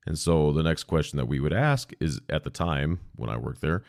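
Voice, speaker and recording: A man's voice: extremely low pitch, lively intonation, moderate pace, vocal fry, darkish tone, no echo, studio quality. A man hosting a podcast, telling stories about past emergency calls in a casual, blunt way with some swearing. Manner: blunt, profane, laid-back. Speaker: podcast host, former emergency dispatcher. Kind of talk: casual anecdotal storytelling. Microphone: podcast microphone.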